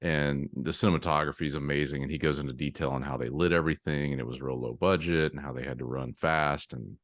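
A man with an extremely deep voice talks eagerly about favorite films as a podcast guest, often stopping and restarting his sentences. The recording is close and dry, with no room sound. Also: steady tone, quick pace, fairly bright tone, no room sound. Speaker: podcast guest, film buff. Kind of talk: casual film chat.

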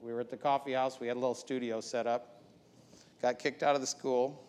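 A man's voice: medium pitch, flat delivery, brisk, darkish tone. A man preaching a sermon as pastor, building up with emphatic repeated lines. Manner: preaching with rising, emphatic repetition. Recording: long hall reverb.

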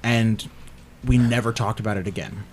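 A young man co-hosting a podcast, explaining things in a relaxed, rambling way. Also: lowish voice, moderate pace, slight background noise. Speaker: podcast host. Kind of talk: casual chat.

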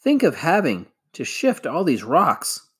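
Sarah, a man doing a high sing-song girl. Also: huge pitch swings, a little slow, breathy edge, full character voice. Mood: exclaiming.

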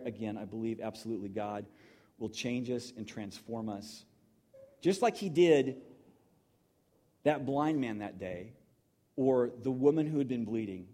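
A man's voice: mid-range voice, dark tone. A middle-aged man preaching in a conversational, emotional storytelling manner, full of restarts. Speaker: pastor. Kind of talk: sermon.

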